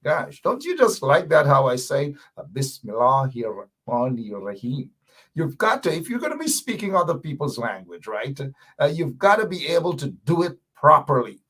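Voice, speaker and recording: Male talk host, slightly husky, playful and teasing with his audience. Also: fairly high pitch, very animated, moderate pace, fairly bright tone. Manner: playful, teasing viewers while reading comments. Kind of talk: live call-in talk show chat.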